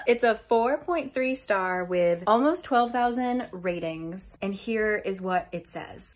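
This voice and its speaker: A woman's voice: mid-range voice, expressive. Chatty swearing young woman vlogger. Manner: chatty, sweary, quick to laugh. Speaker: book youtuber. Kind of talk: casual book recap.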